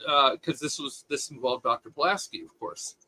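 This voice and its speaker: A man co-hosting a casual podcast chat, opinionated and animated, with many restarts. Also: medium pitch, moderate pace, husky, no echo, low-quality recording. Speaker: podcast co-host.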